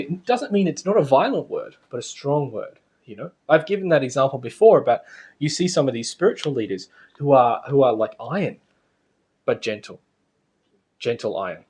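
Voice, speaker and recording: A man's voice: medium pitch, a little mellow, breathy edge. A man giving a casual spiritual lecture to a class, chatty and anecdotal, often laughing.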